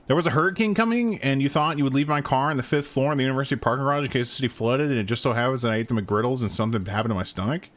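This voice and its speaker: A man's voice: mid-range voice, rapid-fire, few pauses. A young man streaming a game, riffing with chat in crude, slangy jokes. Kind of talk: casual gameplay chat.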